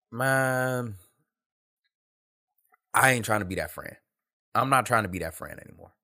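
A man's voice: medium pitch, moderate pace, long pauses, bright, forceful tone. Blunt, slangy podcast man. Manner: candid, emphatic, street slang, repeats himself. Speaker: podcast host. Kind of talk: casual monologue.

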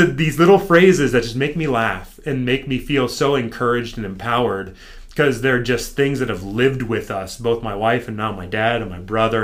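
An American man, a podcast guest, telling his story in casual chat and acting out what his trainer told him. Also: medium pitch. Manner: animated, acts out his trainer's lines.

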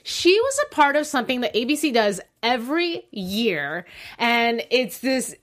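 A woman's voice: a little high, sing-song, measured pace. A young woman co-hosting a live online show, chatting casually, laughing easily and making self-deprecating asides. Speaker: co-host.

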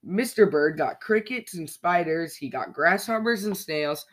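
A podcast storyteller reading a children's picture book aloud with a lively, expressive delivery. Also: medium pitch, unhurried.

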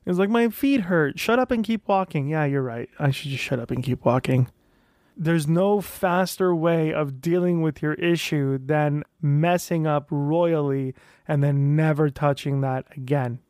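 Animated man talking close and dry. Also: a little high, a little slow, no echo. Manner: animated, self-talking, acts out quoted voices. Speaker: vlogger sharing weight-loss surgery journey. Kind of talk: casual monologue.

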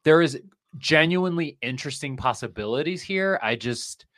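Male podcast co-host, lively rising and falling voice, wry and self-deprecating in casual movie talk. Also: on the high side, normal speed. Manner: wry, animated, self-deprecating, laughs often.

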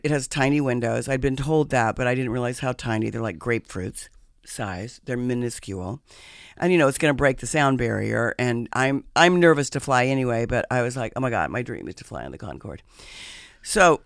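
A woman hosting a casual chat, telling a story in an animated, dramatic way and swearing freely. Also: very deep voice, moderate pace, dry recording, studio quality.

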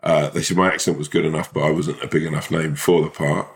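A man's voice: very deep voice, flat delivery, fast talker, vocal fry. A young man, an actor and podcast co-host, rambling casually with lots of fillers and swearing. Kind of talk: casual chat.

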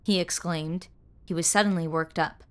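A woman narrating a first-person audio story in a measured, wry manner. Her voice sits a little low, and she carries the scenes steadily between lines of dialogue. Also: fairly even intonation, smooth.

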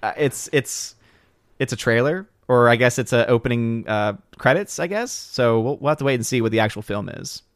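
A man hosts a relaxed conversation, reading viewer comments aloud and musing over them. He talks with plenty of "uh" and restarts. His voice sits in an ordinary middle register, and the recording is dry. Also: mid-range voice, normal speed, no echo. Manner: hesitant, many restarts and fillers. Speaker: podcast co-host reading chat. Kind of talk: casual chat.

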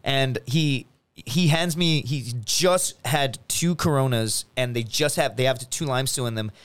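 A man's voice: medium pitch, measured pace, smooth. A man, a podcast guest, telling a profane story in casual chat, acting out the voices in it. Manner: animated, profane, acts out quotes.

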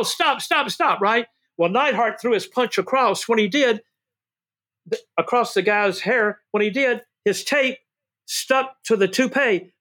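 An older man, a guest telling wrestling stories in an excitable, animated way. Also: sits high. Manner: excitable, shouts "woo", calls people baby and brother. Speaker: guest, former wrestling manager. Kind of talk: animated storytelling interview.

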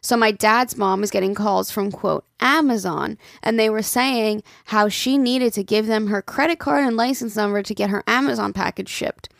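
Chatty gravelly-voiced woman podcast host. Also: mid-range voice, normal speed, hardly any pauses, no room sound, clean studio sound. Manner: chatty, swears casually, laughs often. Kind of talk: casual podcast chat, reading listener emails.

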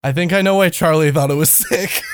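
A man co-hosting a podcast, needling the others with wry jokes and deadpan follow-ups. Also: sits high, slight background noise. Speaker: podcast co-host. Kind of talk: casual podcast banter.

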